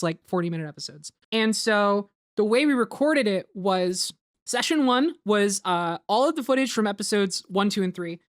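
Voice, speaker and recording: A woman in casual commentary chat, talking quickly with lots of fillers and some swearing. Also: medium pitch, no echo, clean studio sound. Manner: fast, swearing, many fillers. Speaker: show creator and host.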